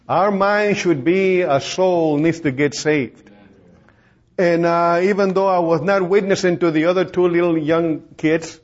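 A man preaching a sermon as a storytelling testimony, acting out the voices of the people he quotes and laughing as he goes. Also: fairly high pitch. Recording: dull lo-fi recording.

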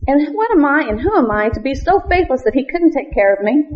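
Woman, fairly high voice, earnest missionary testimony with frequent laughs, muffled lo-fi recording. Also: sing-song, fairly quick, slight background noise. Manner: earnest, laughs often, quotes scripture in King James wording. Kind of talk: church testimony. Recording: dull lo-fi recording.

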